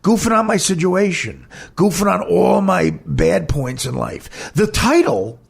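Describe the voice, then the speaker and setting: Podcast host guy, really gravelly and husky, rambly and blunt, swears a lot. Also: sits high, lively intonation, a little slow. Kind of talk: candid personal storytelling.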